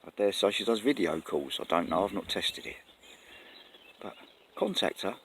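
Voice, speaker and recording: A man's voice: low voice, expressive, moderate pace, gravelly, a bit bright. Earnest rambling man outdoors. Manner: rambling, earnest, self-correcting. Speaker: vlogger. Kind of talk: casual talk to camera. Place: outdoors in the countryside. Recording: faint outdoor noise, birds.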